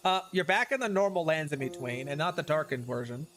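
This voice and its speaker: A male streamer giving chatty, animated commentary on a game, with sudden outbursts. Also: a little high, fairly quick, hardly any pauses, faint music behind. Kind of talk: casual let's-play commentary.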